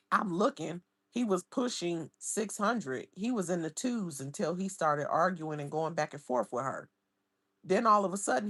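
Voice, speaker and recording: A woman's voice: low-pitched, fairly bright tone, dry recording. A woman hosting a casual livestream, chatting and gossiping as she reads viewer comments aloud into a close mic. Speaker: livestream host.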